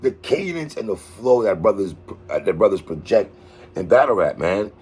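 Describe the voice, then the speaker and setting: A man hosting a casual battle rap recap, slangy and animated, getting excited over lines he likes. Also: lowish voice, moderate pace, slightly rough. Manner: animated, slangy, excited outbursts about bars.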